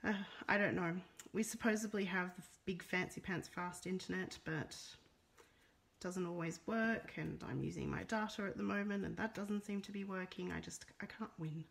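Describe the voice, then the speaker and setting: Australian woman, middle-aged, chatty craft demonstrator, bit of fry, phone mic. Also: fairly low pitch, moderate pace. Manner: chatty, reads out viewer comments. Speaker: papercraft demonstrator. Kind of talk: casual live crafting demo.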